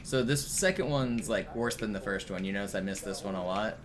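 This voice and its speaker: A man's voice: on the low side, a little fast, crowd noise. A young man streaming a game, telling stories casually with lots of fillers and swearing. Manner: rambling, profane, filler-heavy storytelling. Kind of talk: casual gaming stream chat. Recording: steady background noise.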